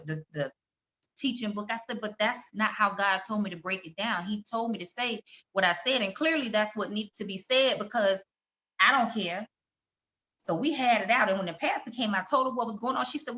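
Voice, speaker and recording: Bright-voiced woman telling her story. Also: mid-range voice. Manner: animated, acts out quoted voices. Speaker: guest. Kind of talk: personal storytelling in conversation.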